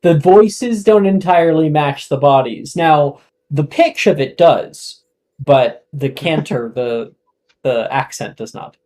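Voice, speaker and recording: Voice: mid-range voice, dark tone, rough recording. Game master narrating a tabletop game. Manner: casual, halting, many fillers.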